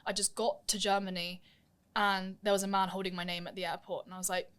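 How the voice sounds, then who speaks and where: A woman's voice: medium pitch, flat delivery, fairly quick, fairly bright tone, smooth. A young woman telling stories in a casual interview, acting out the voices of people she quotes. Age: young adult. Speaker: guest, musical theatre performer.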